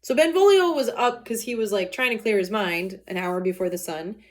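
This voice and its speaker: A woman's voice: mid-range voice, normal speed. A woman teacher reading a play aloud and explaining it in casual, plain modern words. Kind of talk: read-aloud lesson with explanations.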